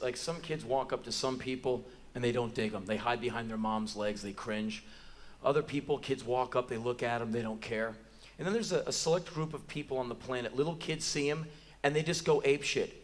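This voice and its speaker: Bright, animated American man on stage. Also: mid-range voice, slight background noise. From United States. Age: 40s. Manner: animated, profane, bursts into shouts. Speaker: spoken word performer. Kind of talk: live spoken word storytelling. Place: theater stage before a live audience.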